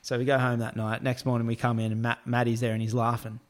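A man's voice: mid-range voice, little pitch movement, fast. A man telling a casual anecdote about work, with crude slang, acted-out quotes and frequent laughs. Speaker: storyteller, construction worker.

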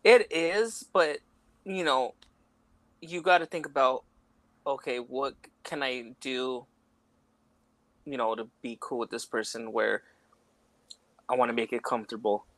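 A man's voice: mid-range voice, measured pace, pauses often, a bit bright, no room sound. A man co-hosting a podcast, chatting casually in a rambling way, full of "like" and "you know". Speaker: podcast co-host. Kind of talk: casual chat.

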